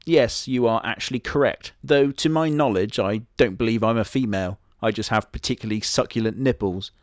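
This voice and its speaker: A smug, boastful immortal wolf, voiced by a man, talks in a flat, matter-of-fact manner with a Southwest English accent. His voice sits mid-range for a man. It is recorded close and dry, with almost no room sound. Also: mid-range voice, brisk, no echo, lightly acted. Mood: deadpan. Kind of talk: comedy sketch character monologue.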